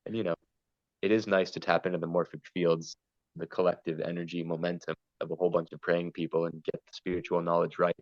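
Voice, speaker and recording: A man's voice: deep voice, flat delivery, fast, no room sound, dull audio. A man talking earnestly and at length in a spiritual conversation, wandering between ideas and stories. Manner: meandering, earnest, storytelling. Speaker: podcast guest.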